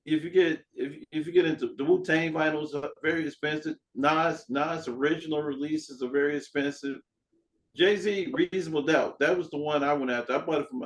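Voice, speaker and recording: A man hosting a podcast in casual chat, an animated storyteller who acts out dialogue and swears freely. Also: fairly high pitch, rough recording. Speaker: podcast host.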